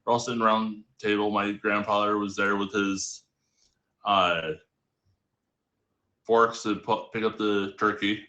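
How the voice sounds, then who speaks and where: A man guest on a live stream, casually telling a rambling family anecdote with quick restarts. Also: lowish voice, little pitch movement, sharp tone, roomy sound. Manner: rambling, self-correcting storyteller. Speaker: storytelling guest. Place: home streaming setup.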